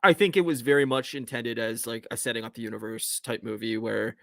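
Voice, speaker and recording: Male podcast co-host, casual rambler, gravelly tone, dry close mic. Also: medium pitch, steady tone, fairly quick, no room sound. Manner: rambling, heavy use of filler "like". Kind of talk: casual chat.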